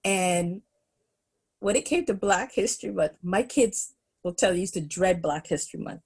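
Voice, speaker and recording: A middle-aged woman, a podcast guest, telling school stories in an animated, laughing way. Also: on the low side, normal speed, husky. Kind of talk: storytelling in a podcast interview.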